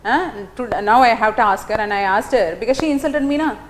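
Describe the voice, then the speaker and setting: A woman's voice: fairly high pitch, a little fast, a little hiss or hum. A middle-aged woman giving a classroom lecture, telling stories animatedly with many fillers and tag questions. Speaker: teacher.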